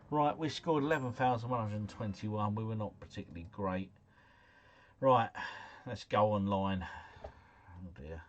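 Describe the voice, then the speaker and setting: A man giving live gameplay commentary, chatty and excitable as he talks to his viewers. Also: medium pitch. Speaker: gaming livestreamer.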